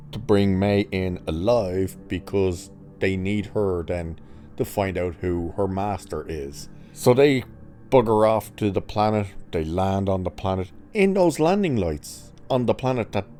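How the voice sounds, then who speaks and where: A man with a mellow, fairly low voice delivers a ranting episode review. He is sarcastic and mocking throughout and swears casually. His tone stays dark and relaxed, never bright. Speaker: TV review vlogger.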